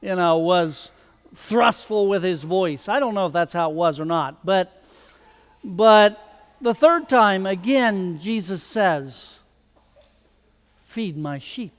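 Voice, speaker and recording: A man preaching a sermon, slow and deliberate, who acts out the quoted dialogue with rising intensity. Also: sits high, animated, big-room sound.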